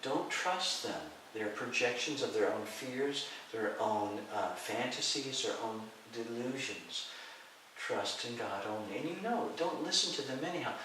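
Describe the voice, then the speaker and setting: A middle-aged man who teaches martial arts and healing tells lively stories as a guest in a conversational interview, acting out the voices of people he quotes and laughing often. His mid-range voice keeps a measured pace. He sits far from the mic in an echoey room, with faint hiss on the recording.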